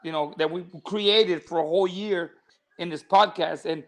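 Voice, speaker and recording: A man's voice: high voice, normal speed, gravelly. A man who co-hosts a podcast as a boxing coach, talking in an easygoing way with many "you know" fillers. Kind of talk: casual podcast chat.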